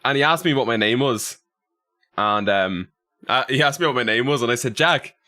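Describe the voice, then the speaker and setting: A man's voice: mid-range voice, a little fast, pushed and bright. A young Irish man chatting on his livestream, reading out chat messages and rambling through funny stories. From Ireland. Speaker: streamer.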